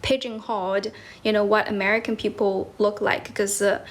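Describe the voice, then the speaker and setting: A woman's voice: medium pitch, flat delivery, moderate pace. A young woman from China with a Chinese accent, hosting a casual livestream and answering comments, laughing often and correcting herself as she switches between English and Mandarin. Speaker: livestream host teaching English.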